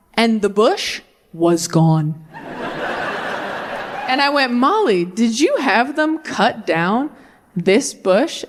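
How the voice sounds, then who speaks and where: A woman in her thirties performing a stand-up routine on stage, acting out the voices she quotes. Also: fairly high pitch. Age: 30s. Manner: animated, acts out quoted voices. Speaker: stand-up comedian. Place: stage before a laughing audience. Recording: live show with faint audience noise.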